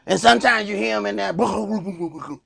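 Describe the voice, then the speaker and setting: A man with a Southern US accent teaching a Sabbath Bible class in a loud, animated sermon style, acting out little skits. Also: high voice, moderate pace, vocal fry, slightly rough. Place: congregation hall.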